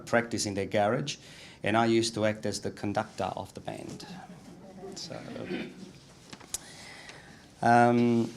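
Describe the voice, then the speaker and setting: Man in his 40s, guest speaker, storytelling with fillers, slight background noise. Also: lowish voice. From Italy. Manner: warm anecdotal storytelling with many fillers. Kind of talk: storytelling talk.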